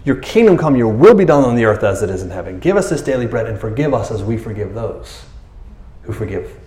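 A man's voice: on the low side, sing-song, a little fast, dark tone, roomy sound. A man preaching a casual, conversational sermon, acting out quoted voices as he goes. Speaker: pastor.

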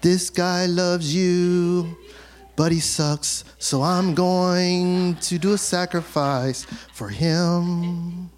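Slow, drawling, mock-pious worshipper, put on by a preaching man. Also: high voice, steady tone, voice pushed down. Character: offhand male worshipper, dismissive and mocking.

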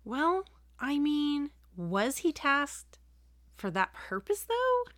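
A middle-aged woman talks in a relaxed, animated way as a podcast co-host, recorded on a home microphone. The sound is dry and close. She laughs easily and acts out the lines she quotes. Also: high-pitched, takes it slowly, no room sound. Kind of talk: casual chat. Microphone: home computer microphone, remote call.

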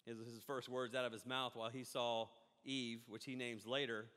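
Rambling, bright-voiced pastor preaching. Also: male voice, mid-range voice, moderate pace. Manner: rambling, animated, self-interrupting. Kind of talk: live-streamed sermon. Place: church hall. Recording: echoey hall reverb.

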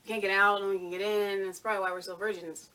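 A twenty-eight-year-old woman answering questions in a comedy sketch, with a dry, deadpan delivery. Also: medium pitch, quick pace, heavy background noise. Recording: distant mic with faint clicks, old web video.

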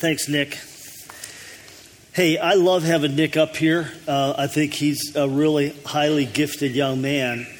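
A man's voice: a little high, steady tone, slow pace, long reverb tail. A man, the lead pastor, telling folksy jokes to his congregation in an easygoing way. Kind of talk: telling jokes before a sermon. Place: church hall.

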